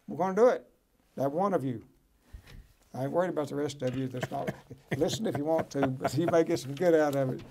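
A man's voice: fairly high pitch, gravelly, mellow. Preachy, encouraging man hosting a talk show. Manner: preachy, encouraging, folksy asides like "right?" and "okay?". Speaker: host. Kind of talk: motivational talk show, reading from a book and commenting.

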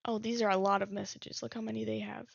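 Woman streamer with a heavy vocal fry and a flat, slightly high voice, reading messages aloud, on a dull lo-fi recording. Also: quick pace, no echo. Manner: reads text messages aloud and muses over them. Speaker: game streamer. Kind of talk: casual let's-play commentary.

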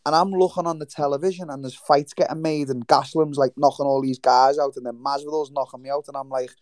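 Guy, mellow voice, swears a lot, lively storytelling, dry sound. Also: a little high, quick pace, hardly any pauses, dry recording. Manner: swears freely, animated storytelling with quoted voices. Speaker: guest fighter. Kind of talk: casual interview chat. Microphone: remote livestream call.

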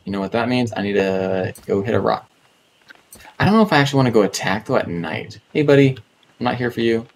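A North American gaming streamer with a medium-pitched, animated voice speaks briskly over slight background noise. He offers casual commentary while streaming a survival game, chatting to himself and the creatures and repeating words often.

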